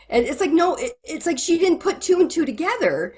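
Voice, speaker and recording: A woman's voice: a little high, fairly quick, hardly any pauses. A middle-aged woman, a guest who ministers to married couples, telling stories in a conversational interview and acting out the conversations she quotes. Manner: animated, acts out quoted conversations.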